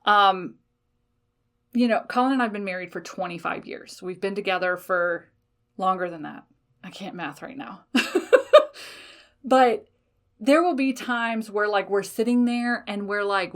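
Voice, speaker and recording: A woman's voice: mid-range voice, a little slow, pauses often, fairly bright tone. A woman in her forties from the United States, hosting a podcast alone and talking candidly, swearing freely and laughing often. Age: 40s. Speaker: podcast host. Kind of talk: casual solo podcast monologue.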